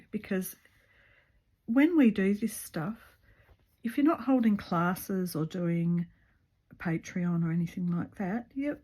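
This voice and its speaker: Husky, chatty woman stitching and nattering. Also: mid-range voice, dark tone. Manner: rambling, chatty, many ums and restarts. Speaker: craft video maker. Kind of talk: casual chat while stitching. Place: her home.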